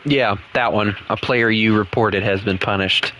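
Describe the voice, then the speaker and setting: A man's voice: fairly low pitch, fairly even intonation, rough recording. A man streaming a game and chatting casually with viewers, playful and teasing. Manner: playful, teasing, slow and rambling. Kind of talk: casual gaming chat with viewers. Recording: loud game noise and vehicle sounds behind.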